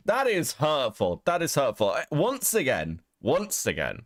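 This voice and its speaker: A man's voice: medium pitch, wildly swooping pitch, unhurried, no echo, studio quality. A man hosting a livestream, talking casually with a mocking, profane edge and frequent laughter. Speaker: streamer host.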